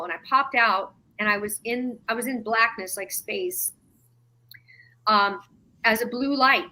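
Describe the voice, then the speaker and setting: Bright, high-voiced woman telling a story. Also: unhurried. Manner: animated, emotional retelling with quoted dialogue. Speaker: podcast guest. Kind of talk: conversational storytelling.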